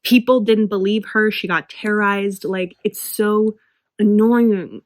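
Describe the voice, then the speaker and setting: A woman's voice: mid-range voice, fairly even intonation, unhurried, no echo. A woman talking passionately and emphatically in a casual book review vlog, with frequent fillers. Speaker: book vlogger.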